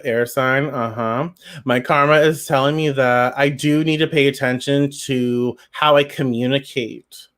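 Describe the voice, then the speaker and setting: A man's voice: mid-range voice, fairly bright tone. Chatty man giving a tarot reading. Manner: chatty, playful, addresses viewers directly. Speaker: tarot card reader. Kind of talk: pick-a-card tarot reading to viewers.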